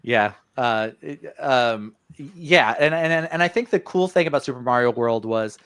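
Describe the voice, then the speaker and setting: A man's voice: medium pitch, unhurried, fairly bright tone, clear, resonant tone, dry recording. Guy cohosting a podcast, rambles a lot w ums, dry close sound. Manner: rambling with many ums and uhs. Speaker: podcast co-host. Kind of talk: casual chat.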